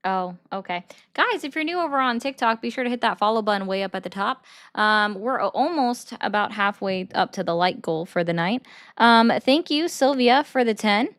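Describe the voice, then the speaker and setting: A woman hosting a political commentary livestream and taking callers, talking bluntly and arguing back fast. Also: medium pitch, lively intonation, a bit bright. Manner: blunt, argumentative, quick comebacks.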